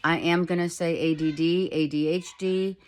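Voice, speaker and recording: A middle-aged woman giving a casual tarot reading at home, talking softly and rambling, with many fillers. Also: lowish voice, steady tone, moderate pace, a little hiss or hum. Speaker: tarot reader. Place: home, with a child heard in the background.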